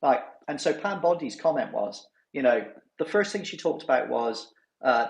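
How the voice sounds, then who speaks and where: A man hosting a casual podcast chat, talking in an animated way and acting out what others said. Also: mid-range voice, normal speed, echoey room. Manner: animated, mimics others in quotes. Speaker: newsletter host.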